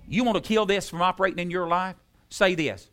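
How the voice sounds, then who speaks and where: A man preaching a sermon, repeating key phrases with emphasis and dropping into soft tones. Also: high voice, brisk. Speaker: pastor.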